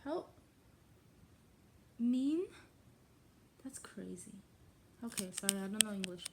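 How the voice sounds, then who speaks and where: A woman's voice: medium pitch, fairly quick, creaky, bright, forceful tone, a little hiss or hum. A woman casually reading a novel aloud in a mock English accent, stumbling over old words and stopping to question how they are pronounced. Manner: playfully attempts a put-on English accent. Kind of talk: casual read-aloud with asides.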